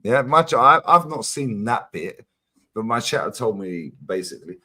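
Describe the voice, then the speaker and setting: A man in casual stream chat, animated and quick to laugh, swearing freely as he talks. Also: medium pitch, slight background noise.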